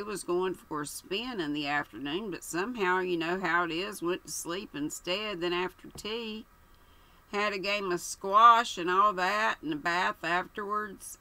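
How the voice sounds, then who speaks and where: A woman voicing a dithering, foppish young English gentleman who stammers and rambles in an audiobook reading. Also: lowish voice, low-quality recording. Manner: stammering, rambling filler phrases.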